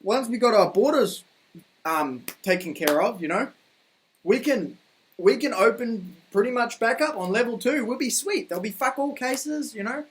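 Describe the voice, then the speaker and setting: A New Zealand man with a notably high voice goes on a heated, swearing rant. He rambles from point to point in a casual vlog monologue recorded in a room at home. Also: lively intonation, moderate pace. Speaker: vlogger. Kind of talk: ranting opinion monologue.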